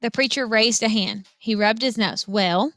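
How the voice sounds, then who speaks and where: Bright-voiced woman teacher reading aloud. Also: fairly high pitch, moderate pace, no echo. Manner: directs listeners to follow along, expressive read-aloud. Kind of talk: reading a novel aloud to students.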